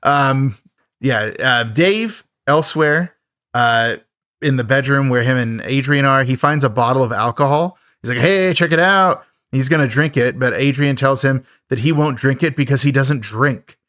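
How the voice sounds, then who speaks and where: A man talks through a film's plot on a podcast, loose and rambling, with lots of fillers and wry asides. His voice sits in a middle pitch. The sound is dry and close to the mic. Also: moderate pace, a bit bright, no echo. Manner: rambling, filler-heavy, laughs at the film. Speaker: podcast host. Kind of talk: casual film recap.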